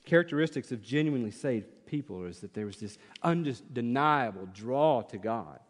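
A man's voice: medium pitch, animated, normal speed. A man preaching an expository sermon as pastor, passionate and rhetorical, repeating phrases for emphasis. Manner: impassioned, rhetorical questions, emphatic repetition. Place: church sanctuary. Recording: church hall with long reverb.

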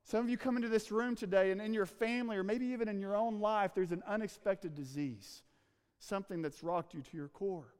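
A man with a high voice preaching an earnest sermon, drawing out words and sinking to a near hush to press a point. The sound rings out in a big hall with a long reverb tail. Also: clear, resonant tone. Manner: earnest, slows and drops to a hush for emphasis. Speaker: pastor. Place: church room with a congregation.

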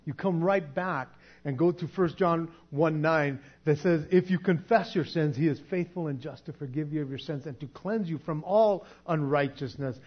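A man with a fairly high voice leads a casual Bible teaching, talking it through conversationally and stumbling over repeated words. The recording is dull and lo-fi. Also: moderate pace, hardly any pauses. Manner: conversational, repeats words, laughs at his own points.

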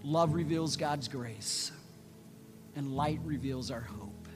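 A man preaching a sermon as pastor, swinging from loud, rapid urging to soft, slow passages. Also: mid-range voice. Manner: building to loud, fast repeated urgings, then dropping soft and slow. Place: church sanctuary. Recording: long church reverb with soft music.

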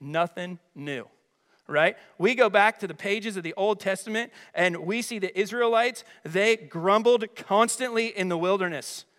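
A man preaching a sermon as a pastor, energetic and emphatic, with chatty rhetorical asides. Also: high-pitched, unhurried. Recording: long hall reverb.

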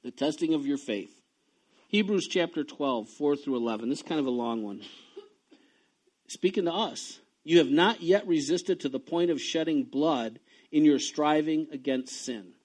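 A man preaching a sermon, reading scripture and telling personal stories, swinging from quiet low talk to loud excited bursts. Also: moderate pace. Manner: reads scripture aloud between personal asides. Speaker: pastor.

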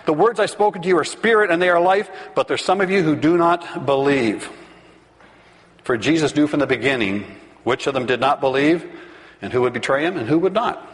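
A man preaching a sermon, reading scripture aloud and acting out the crowd's voices with animated asides. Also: a little high, fairly quick. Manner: animated, reads scripture and acts out the crowd's questions. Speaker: pastor. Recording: long hall reverb.

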